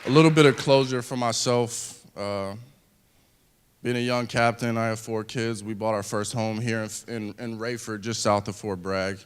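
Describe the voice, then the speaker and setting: A man in his thirties, a wounded veteran, giving an earnest personal speech to an audience, speaking haltingly with restarts. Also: on the low side, steady tone, a faint crowd, slight background noise.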